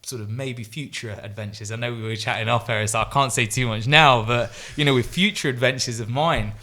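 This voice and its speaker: Male podcast guest, animated storyteller, average pitch, casual chat. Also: a little fast. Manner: animated, acts out quoted voices.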